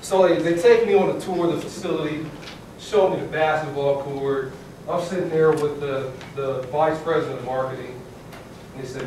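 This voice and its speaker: An animated man in his thirties tells a story with a fairly high voice. He is heard from across a big echoing room with faint background noise, a lively, laughing storyteller on a panel. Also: normal speed. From California. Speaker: panelist, former student athlete. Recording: echoey hall from far off.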